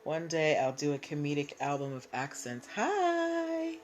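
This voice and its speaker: A woman's voice: deep voice, fairly even intonation, moderate pace, a little mellow. A woman hosting a casual live stream, chatting and greeting viewers by name. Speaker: livestream host.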